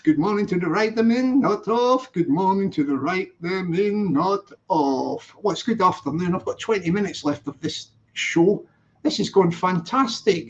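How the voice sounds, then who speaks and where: A man hosting a casual live stream, rambling and repeating cheerful greetings to viewers. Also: high-pitched. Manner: chatty, rambling, repeats greetings in sing-song. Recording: dull lo-fi stream audio.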